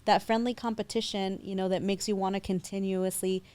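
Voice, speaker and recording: A woman's voice: medium pitch, level tone, a little fast, darkish tone, clean tone. A woman in her thirties, a loan officer guest, talking upbeat and confident in a casual interview and slipping in bits of Spanish. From San Diego.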